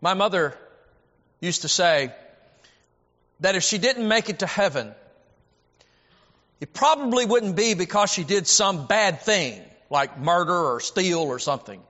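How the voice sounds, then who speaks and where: A man's voice: high voice, animated, unhurried, long pauses, sharp tone. A man preaching a sermon, emphatic and repetitive, often stammering as he restarts a phrase. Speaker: preacher and Bible teacher. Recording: dull audio with long hall reverb.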